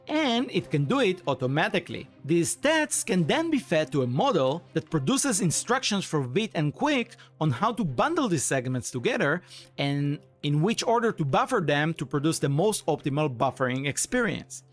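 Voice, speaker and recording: A man giving a scripted conference talk in an enthusiastic, playful, pitching manner, bantering with a co-presenter. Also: sing-song, normal speed, faint music behind. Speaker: conference speaker and framework core team member.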